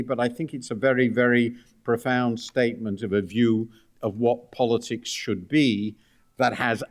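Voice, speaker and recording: An older man giving a book talk at a university, speaking with dry, ironic asides and frequent hesitations. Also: mid-range voice. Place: university lecture room.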